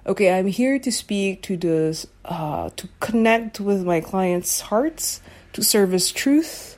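A woman's voice: on the low side, mellow. A woman hosting a casual solo podcast, musing aloud, searching for words and often checking whether the listener follows. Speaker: podcast host.

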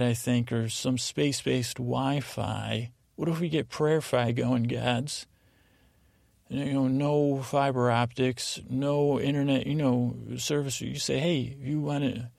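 A man's voice: mid-range voice, gravelly, darkish tone, dry recording, clean studio sound. A man hosting a sleep podcast, rambling through a meandering bedtime monologue that keeps interrupting itself and slips into mock voices. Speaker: podcast host.

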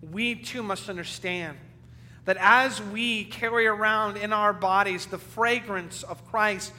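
A male pastor preaching a sermon with earnest emphasis, sometimes loud and sometimes dropping to a hushed, low delivery. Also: takes it slowly. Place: church sanctuary. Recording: church hall reverb with faint hum.

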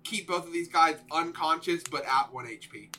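Male player, sharp bright tone, slightly high, jokey and halting. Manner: hesitant, joking, thinks aloud with fillers. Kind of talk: casual tabletop game chat.

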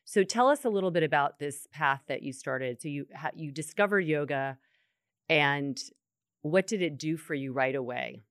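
A woman's voice: deep voice, normal speed, no echo, clean studio sound. A middle-aged woman hosting an interview, responding in an empathetic, affirming and thoughtful way. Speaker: host. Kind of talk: interview conversation.

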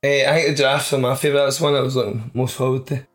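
A man's voice: mid-range voice, flat delivery, racing. A man co-hosting a podcast, rambling through a story in casual chat. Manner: rambling, laid-back storytelling. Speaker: podcast co-host.

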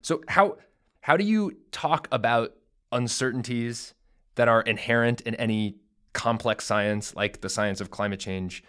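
A man interviewing a guest, asking long questions in a thoughtful, measured way. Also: mid-range voice, fairly bright tone, clear, resonant tone.

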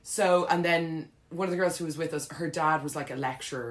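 An Irish woman telling a funny story in casual chat, animated, with frequent laughs and lots of fillers. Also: sits low, a little fast.

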